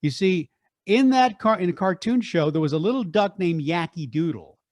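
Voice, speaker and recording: An older man, a radio deejay and voice artist, telling stories in an energetic, animated interview. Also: high-pitched, dry recording, clean studio sound. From Texas, USA. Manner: energetic, animated, quick restarts. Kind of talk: storytelling interview.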